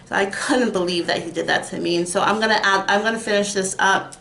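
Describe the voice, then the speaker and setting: A woman's voice: mid-range voice, fairly even intonation, fast talker, creaky, a bit bright. A young woman rants in a vlog, sounding upset, emphatic and rambling. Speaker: YouTuber. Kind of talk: ranting vlog. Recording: echoey room.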